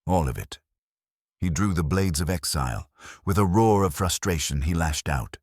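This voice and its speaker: A man's voice: deep voice, moderate pace, no echo, studio quality. A man giving brooding, theatrical scripted narration of a story.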